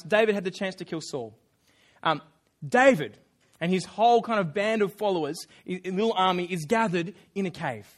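Animated preacher, high voice. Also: male voice. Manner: animated storytelling, acts out characters, self-correcting asides. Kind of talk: sermon.

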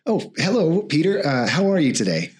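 A man's voice: fairly high pitch, big pitch swings, normal speed, voice pushed up. A man voicing a polite, chatty male town mayor in a tabletop game. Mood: friendly.

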